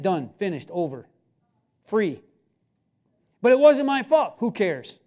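A man's voice: high-pitched, very animated, takes it slowly, dark tone. A man preaching a sermon as pastor in a church, emphatic and pleading. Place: church sanctuary.

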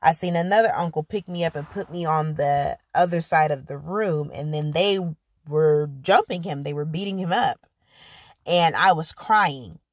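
A woman's voice: low voice, moderate pace, no echo, studio quality. A woman earnestly recounting a painful personal experience in a conversational way, with many filler words. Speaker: podcast host. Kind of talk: personal storytelling.

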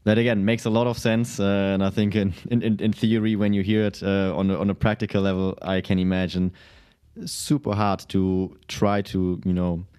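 A man hosting an interview, who talks in a halting way with many restarts. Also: low-pitched, flat delivery, warm tone, clean tone. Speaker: podcast host. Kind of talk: interview questions and reflections.

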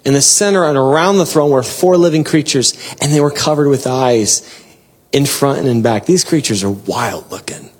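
A man with a mid-range voice preaches a devotional sermon and reads scripture at a moderate pace. He's earnest and exhorting, breaking into bursts of excitement and soft laughter.

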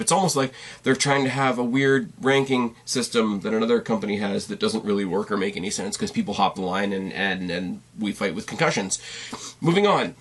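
A man's voice: fairly low pitch, a little fast. Tired congested guy rambling through a wrestling recap, wry little asides, keeps correcting himself. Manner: rambling, self-interrupting and wry. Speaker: podcast host reviewing wrestling. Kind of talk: casual recap commentary. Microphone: on camera at a desk.

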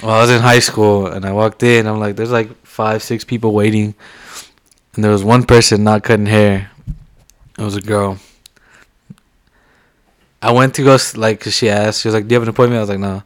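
A man's voice: fairly low pitch, flat delivery, brisk. Teasing young guy in casual banter. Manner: joking, teasing, pushy banter. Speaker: podcast co-host. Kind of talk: casual chat.

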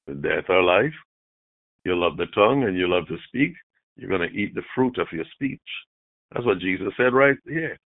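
A man's voice: big pitch swings, a little slow, long pauses, dry recording. Dramatic preacher man, tinny and dry. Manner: dramatic preaching, shifts from loud shouted mimicry to low near-whispers. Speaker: pastor. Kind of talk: sermon. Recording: dry tinny phone-like sound.

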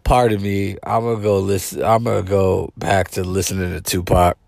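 A man with a deep, low voice speaks in a blunt, swear-heavy, rambling monologue as a podcast host, leaning on fillers and restarts. The sound is dry and close, with no room echo. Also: little pitch movement, moderate pace, creaky, darkish tone. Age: adult parent. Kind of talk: casual monologue.

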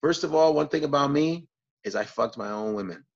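A man, a comedian guest, telling stories in casual talk, profane and animated, jumping up in pitch when acting out moments. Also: a little fast, gravelly, dull audio. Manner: profane, animated retelling with bursts of high pitch. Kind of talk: casual storytelling.

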